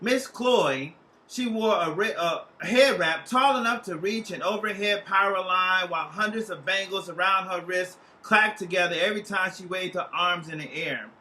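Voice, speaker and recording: A man giving a humorous literary reading of a story in a lively, playful way, with plenty of casual profanity. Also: high voice, normal speed, rough recording.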